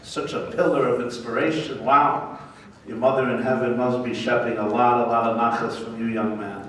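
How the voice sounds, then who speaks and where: A man's voice: medium pitch, normal speed. Man giving a joke-filled speech in an echoing hall. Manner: joke-telling, animated. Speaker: guest speaker, rabbi. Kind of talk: humorous gala speech. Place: large banquet hall. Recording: echoey banquet hall from far off, noisy.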